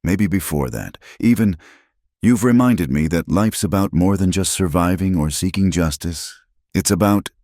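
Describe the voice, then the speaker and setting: A man's voice: deep voice, normal speed, darkish tone, no echo, studio quality, lightly acted. A man voicing a fierce, protective frontier widow who speaks firmly in a storybook western. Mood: tender.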